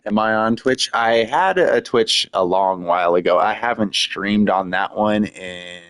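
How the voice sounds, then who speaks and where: A man's voice: fairly low pitch, measured pace, few pauses, a bit bright, clear, resonant tone, no room sound. A man chatting casually on a live stream, rambling with many fillers and frequent laughs.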